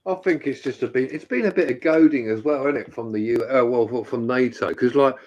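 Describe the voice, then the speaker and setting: A man's voice: medium pitch, brisk, a little mellow, muffled recording. A man joking and swearing in a casual live-stream chat.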